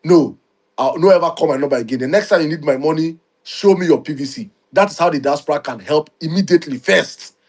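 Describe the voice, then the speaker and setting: Husky guy urging listeners, kinda high voice. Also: fast, a little mellow. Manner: urgent, instructive. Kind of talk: advisory talk.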